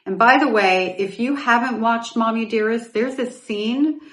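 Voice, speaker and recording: A woman's voice: a little high, unhurried, reverberant, distant mic. A middle-aged woman hosting a podcast, telling a personal story in a candid, reflective way with asides and self-corrections. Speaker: podcast host.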